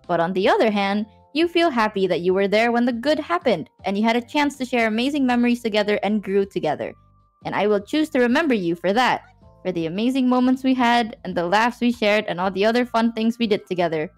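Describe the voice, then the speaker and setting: A young woman from Southeast Asia chatting casually on a stream call, teasing and then reading a heartfelt letter aloud. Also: fairly high pitch. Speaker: guest streamer.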